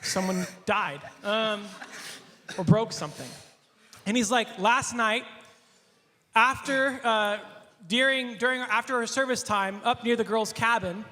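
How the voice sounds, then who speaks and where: A male pastor telling a casual anecdote, animated, laughing often and acting out the quotes. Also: sits high, unhurried, long reverb tail.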